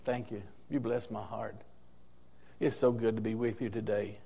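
A man's voice: on the low side, steady tone, moderate pace, creaky, mellow, slight background noise. An older man preaching a sermon as interim pastor, telling stories and repeating key phrases for emphasis.

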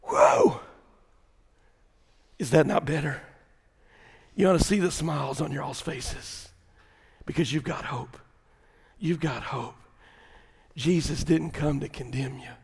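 A man preaching a Sunday sermon to his congregation, moving from hushed, near-whispered prayer to shouted climaxes. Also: on the high side, measured pace, vocal fry, pauses often, breathy edge, rough recording. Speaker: pastor. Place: church sanctuary.

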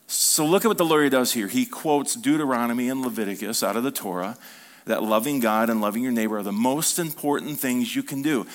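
A male pastor preaching an animated sermon to a congregation, acting out quoted dialogue and calling for responses. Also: medium pitch, brisk.

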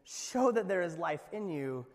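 A man preaching a sermon in a conversational, joking way, with quick asides to the congregation. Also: sits high, big pitch swings, in a large hall. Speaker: pastor.

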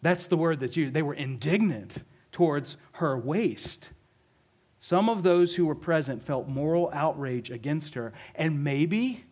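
A man preaches in a relaxed, conversational way, painting a scene and tossing out questions to his listeners. His voice sits somewhat high for a man. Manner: conversational, vivid storytelling with rhetorical questions. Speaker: pastor. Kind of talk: sermon.

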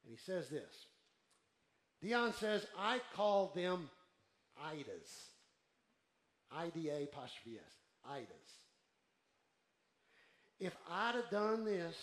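High, bright-voiced preacher in an echoey church. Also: male voice. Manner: call-and-response with the congregation; builds to shouting. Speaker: pastor. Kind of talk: sermon.

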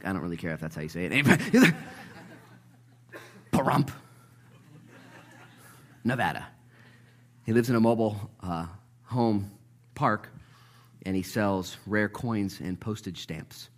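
A man preaching in church to a congregation. He is animated and jokes, and acts out the voices of Bible characters. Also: on the low side, slow, pauses often. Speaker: pastor. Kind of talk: sermon.

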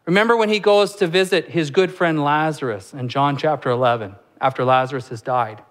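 A man delivers a sermon from the pulpit with a slightly high voice. He explains scripture conversationally, tossing in rhetorical questions and light asides. On the weightier lines he slows down and his voice drops low and soft. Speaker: pastor.

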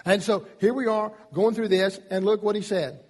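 A man preaching a sermon, emphatic, his voice rising in pitch and loudness on key points. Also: fairly even intonation, normal speed, in a large hall. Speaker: pastor.

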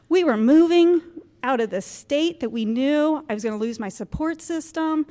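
A woman in her fifties speaks to a gathering of mothers in a church gym, telling her own story with candid, self-mocking humor. Her voice sits a little high and she laughs easily. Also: moderate pace, warm tone, in a large hall. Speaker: guest speaker at a moms' group. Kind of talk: personal talk to an audience.

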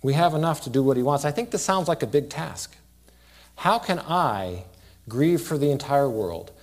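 Earnest pastor swinging loud to hushed. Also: male voice, a little high, animated, moderate pace. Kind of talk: sermon.

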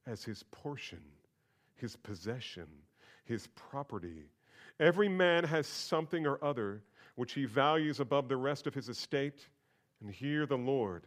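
A man preaching a sermon, repeating phrases for emphasis and swinging between loud, emphatic peaks and quiet, low asides. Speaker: pastor.

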